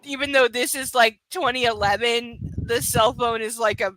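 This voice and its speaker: A woman's voice: on the high side, fairly even intonation, moderate pace, a bit bright, dry recording, low-quality recording. A woman hosting a live book reading, breaking off with sarcastic, exasperated commentary. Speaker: host reading a novel aloud.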